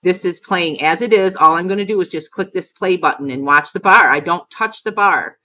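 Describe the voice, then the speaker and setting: A woman's voice: on the low side, normal speed, pushed and bright. A middle-aged woman narrating her own footage in a casual vlog. She talks in a rambling, emphatic way and curses often. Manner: rambling and emphatic, with frequent cursing. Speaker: video creator.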